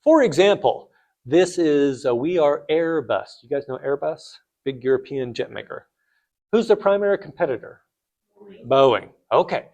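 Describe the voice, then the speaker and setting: Speaking at a normal pace, this finance instructor has a slightly high, animated and somewhat mellow voice. He teaches students conversationally, with rhetorical questions and blunt side comments.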